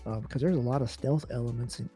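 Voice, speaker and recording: A man with a mellow, dark-toned voice chats loosely on a gaming show, leaning on fillers and laughing along. Faint music plays underneath. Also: mid-range voice, fast. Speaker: co-host of a gaming news show. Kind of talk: casual chat.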